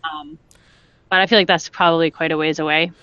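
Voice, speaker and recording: A woman, a film animator guest on a podcast, telling stories in an excited, laughing way. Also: deep voice, fairly quick, clear, resonant tone, dry recording. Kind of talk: casual chat. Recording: dull dry sound.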